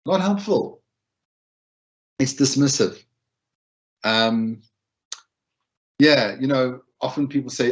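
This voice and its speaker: Here the wellbeing speaker goes slowly, leaving long pauses, yet his medium-pitched voice stays animated. He talks informally about supporting others, repeating phrases and acting out lines, on a lo-fi recording.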